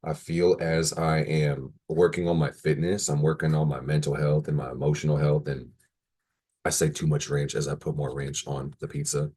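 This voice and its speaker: A man's voice: very deep voice, level tone, normal speed, mellow, slightly rough. A young man talking to the camera in a casual mukbang vlog, rambling and joking between bites. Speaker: vlogger. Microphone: camera in front of him, like a video call.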